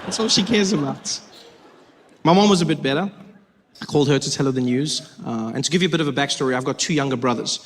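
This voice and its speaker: A man doing a stand-up comedy set, telling stories in a playful, lively way on a large stage. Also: a little high, fast. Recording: long hall reverb, faint noise.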